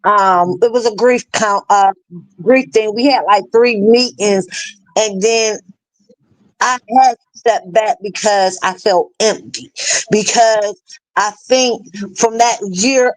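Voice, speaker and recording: A middle-aged woman telling a personal story as an interview guest, halting and earnest, full of fillers and restarts. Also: medium pitch, no room sound, rough recording. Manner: earnest, plain-spoken. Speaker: interview guest, bereaved mother. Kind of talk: emotional personal storytelling in a live chat.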